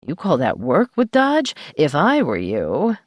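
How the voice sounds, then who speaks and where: A husky, bawdy middle-aged undertaker's wife, voiced by a woman reading an audiobook, drawling her wisecracks slowly. The voice sits low and the recording is dry and close. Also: huge pitch swings, no echo, heavily acted. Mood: sly teasing. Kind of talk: audiobook character voice.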